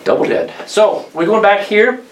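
A man preaching a sermon to a congregation, telling stories in a conversational way that rises in pitch and force on key points. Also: huge pitch swings, normal speed, slight background noise. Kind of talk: sermon with storytelling. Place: church hall with congregation. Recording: echoey room, distant mic, faint background.

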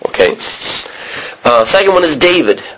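An American man teaching a Bible sermon in a conversational way, often restarting and clearing his throat. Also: a little high, big pitch swings, moderate pace, fairly bright tone, rough recording. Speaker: preacher.

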